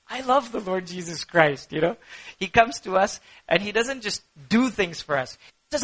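A man preaching a sermon with passion, rising to cries and sinking to hushed prayer. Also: high voice, expressive, normal speed, rough recording. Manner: impassioned, shifts from shouting to hushed prayer. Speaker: pastor.

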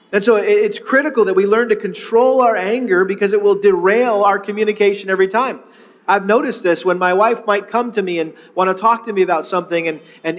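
A man's voice: high voice, big-room sound. A man preaching a sermon as a pastor, in an earnest manner, often repeating words as he starts a phrase.

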